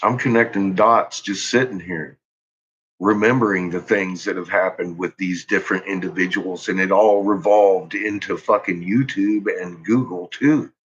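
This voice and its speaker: Over a dull lo-fi recording with a little hiss or hum, a man speaks in a low, slightly bright voice. He hosts his own channel and is ranting angrily into the camera, jittery and tense, with profane, threatening outbursts.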